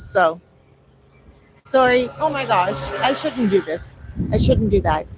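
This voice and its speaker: A woman's voice: on the high side, takes it slowly, long pauses, faint music behind, poor audio. A woman vlogging in casual chat outdoors on a street, recorded on a phone, telling stories animatedly and acting out the back-and-forth. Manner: animated storytelling, acting out quoted exchanges.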